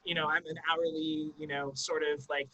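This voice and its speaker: A young man in his twenties telling stories as a podcast guest, chatty and animated with lots of fillers. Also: a little high, muffled recording, slight background noise. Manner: animated, fast storyteller full of likes and ums. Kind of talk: casual storytelling interview.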